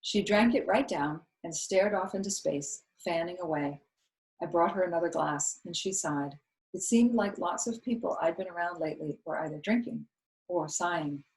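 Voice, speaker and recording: A woman, a school co-founder, reading a novel aloud in steady storytelling narration. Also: fairly low pitch, normal speed. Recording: roomy echo.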